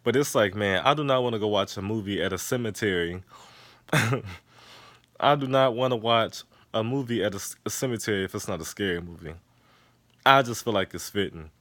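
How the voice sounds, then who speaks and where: A man giving a casual, profane recap of a TV episode, telling it with animated storytelling. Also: on the low side, no echo. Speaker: TV episode reviewer.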